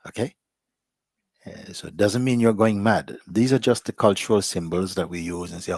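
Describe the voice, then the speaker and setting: A man as a spiritual teacher, giving a reflective, unhurried satsang talk to a live gathering and often softening almost to a whisper. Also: low-pitched, slightly rough, no echo, clean studio sound.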